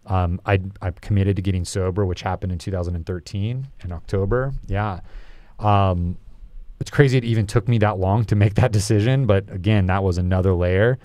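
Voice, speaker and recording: A podcast guest telling his own story in a reflective, confessional way, often pausing and restarting. His voice is low and mellow, and the sound is dry with no room echo. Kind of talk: candid personal story in an interview.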